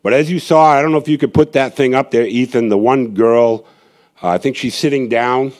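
A man's voice: medium pitch, fairly even intonation, a little fast, a little mellow. A man, a street evangelist, telling a gathering his testimony in a rambling, earnest way, with many restarts and asides.

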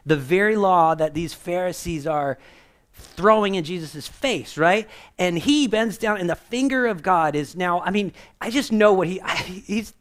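This male preacher keeps his sermon chatty, tossing in "right?" again and again. When quoting others, he performs their voices by changing how high and how loud he speaks.

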